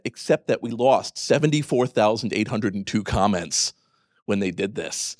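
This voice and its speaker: A man speaking at a conference, his pitch leaping all over the place as he rants with biting sarcasm and the odd curse. He drops into low asides, then bursts out high and loud. The sound is dry and close, with no room around it. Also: sing-song, normal speed, no room sound. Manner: sarcastic, profane, ranting storyteller; swings from low mutters to loud, high outbursts. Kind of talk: animated conference talk.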